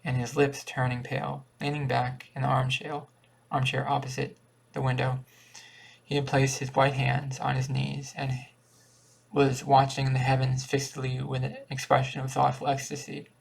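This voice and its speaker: A man reading a short story aloud as an audiobook, with a steady, measured delivery. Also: medium pitch, creaky. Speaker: audiobook reader. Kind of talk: audiobook narration.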